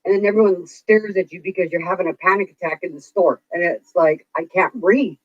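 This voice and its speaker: A woman's voice: on the low side, steady tone, fairly quick, dry recording. A woman vlogger venting in casual chat, swearing freely as she rants. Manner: profane, venting rant. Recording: dull, dry lo-fi recording.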